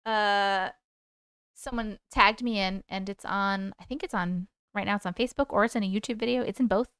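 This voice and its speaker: A woman runs a live stream, chatting casually, reading viewer comments out loud, giggling, and rambling from one topic to the next. Her mid-range voice is clear, resonant, and a little bright, with fairly even intonation and a moderate pace. The recording is dry and studio quality.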